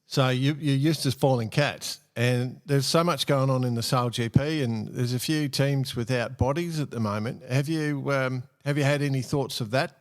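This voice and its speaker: A man hosting a podcast, chatty and quick to joke with his guest. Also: mid-range voice. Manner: chatty, joking banter. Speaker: podcast host. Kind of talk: casual podcast chat.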